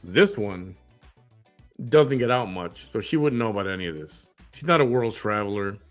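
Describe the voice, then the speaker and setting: A man's voice: fairly low pitch, lively intonation, moderate pace, soft background music. A man hosting a reaction commentary show, sarcastic and mocking.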